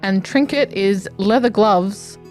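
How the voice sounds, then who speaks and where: A woman, a tabletop player, briskly describing her character. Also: mid-range voice, a little mellow, soft background music. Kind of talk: casual chat about a game character.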